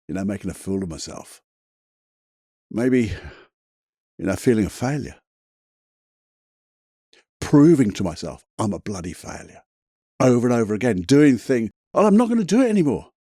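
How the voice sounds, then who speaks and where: Chatty man with a husky voice. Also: mid-range voice, dark tone, no echo, studio quality. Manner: chatty, emphatic, swears casually, laughs at himself. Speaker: podcast host. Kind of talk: solo motivational podcast monologue.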